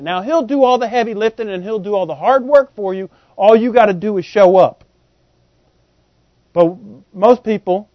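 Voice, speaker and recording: A man preaching with a high-pitched voice in a folksy, joking way, full of slang. He keeps turning to the congregation with questions. The recording is dry and a bit dull. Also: dry recording. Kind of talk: sermon.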